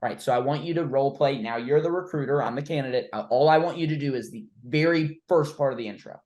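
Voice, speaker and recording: A man's voice: medium pitch, fast, darkish tone. A man coaching a trainee through cold-call role-play, blunt and informal, with the odd swear word. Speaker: recruiting coach.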